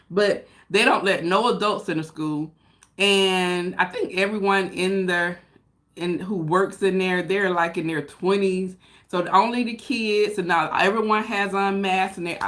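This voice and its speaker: An American woman talks to her viewers on a home livestream, chatty and loose, calling everyone y'all. She tells stories in a relaxed, rambling way, straight into a phone or webcam. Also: mid-range voice. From United States. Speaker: vlogger. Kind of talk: casual livestream chat. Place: home room with open window.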